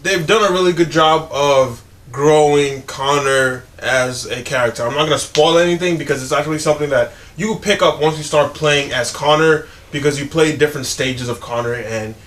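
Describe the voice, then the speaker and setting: A man's voice: on the high side, normal speed, few pauses, fairly bright tone. A young man co-hosting a gaming news show in casual, enthusiastic chat, often saying "you know".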